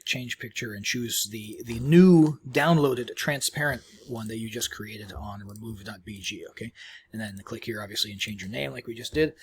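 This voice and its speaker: A man giving a casual, rambling screen-recorded software tutorial, chewing as he talks, with many fillers and restarts. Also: medium pitch, husky. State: chewing while talking. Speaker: tutorial host.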